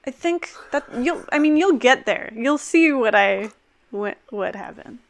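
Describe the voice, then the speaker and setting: A woman's voice: sits high, expressive, measured pace. A young woman guest in a casual chat, talking in rambling, chatty runs full of "like" and restarts. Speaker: guest, former reality dating show contestant.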